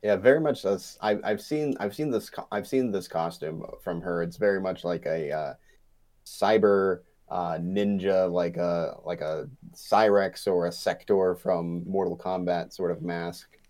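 A man co-hosting a casual podcast chat, making dry joking asides with halting restarts. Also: deep voice, darkish tone. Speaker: podcast co-host.

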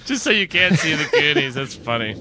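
A man co-hosting a casual podcast chat, animated and jokey, slipping into silly high voices. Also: fairly quick, very noisy. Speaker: podcast co-host.

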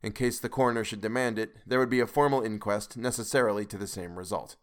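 A man narrating a classic novel aloud in a grave, measured way. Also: on the low side, steady tone. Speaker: podcast reader. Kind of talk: audiobook narration.

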